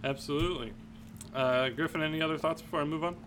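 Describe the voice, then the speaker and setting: A man hosting a podcast in casual chat, upbeat and agreeable and quick to laugh. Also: a little high, fairly even intonation, a bit bright, a little hiss or hum. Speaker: podcast host.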